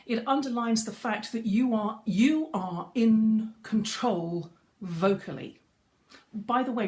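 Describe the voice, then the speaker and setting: A middle-aged woman giving a chatty live-streamed lesson as a voice coach, greeting viewers as she goes. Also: medium pitch. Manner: chatty, greets viewers mid-talk, frequent restarts. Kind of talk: facebook live coaching talk. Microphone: webcam or phone on a live stream.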